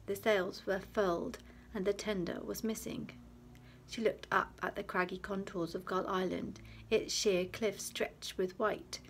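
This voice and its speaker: A woman teacher reading a chapter book aloud to her class, telling it lively with small slips. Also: mid-range voice, creaky, a little hiss or hum.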